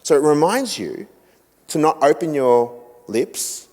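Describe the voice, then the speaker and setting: A middle-aged Australian man giving a seminar talk to a church group, an animated storyteller who acts out quotes with self-mocking humour. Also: a little high, slow pace. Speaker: guest speaker on family relationships. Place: church hall. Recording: echoey hall with long reverb.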